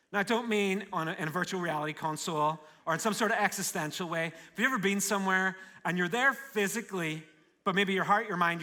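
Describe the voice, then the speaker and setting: A man with a Northern Irish accent, a pastor preaching a live sermon in a joking, energetic way. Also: fairly high pitch. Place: large church auditorium.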